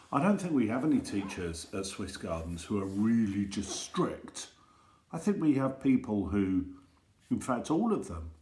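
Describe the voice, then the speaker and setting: A man at the front of a school assembly reads funny stories and jokes to children, gentle and teasing. His voice sits mid-pitch and rings around an echoey hall. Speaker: teacher leading a school assembly. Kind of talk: storytelling and reading jokes to children.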